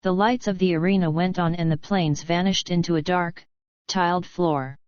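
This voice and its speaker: A woman narrating an adventure novel in an audiobook with a steady, measured reading. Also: on the low side, no room sound, lo-fi sound. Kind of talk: scripted narration.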